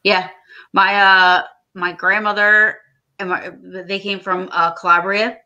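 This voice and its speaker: A woman's voice: mid-range voice, little pitch movement, takes it slowly, bright, forceful tone, lo-fi sound. A woman hosting a casual livestream chat, rambling and chatty with frequent laughter. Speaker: podcast host.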